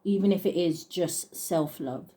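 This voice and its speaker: Mellow-voiced woman musing over tarot cards. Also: lowish voice. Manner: muses aloud, chuckles often, reads card texts slowly. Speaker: tarot reader. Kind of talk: casual tarot reading, thinking aloud.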